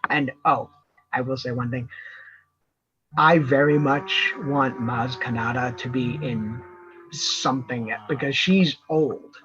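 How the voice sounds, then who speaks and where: A man's voice: medium pitch, steady tone, slow pace, music in the background. Rambling man with muffled audio. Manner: rambling, many restarts and fillers. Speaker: co-host. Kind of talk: casual fan review chat.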